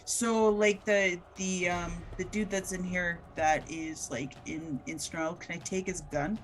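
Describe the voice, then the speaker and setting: A woman's voice: lowish voice, fairly even intonation, measured pace. A woman playing her character in a tabletop game, hesitant and often restarting her sentences. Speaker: player.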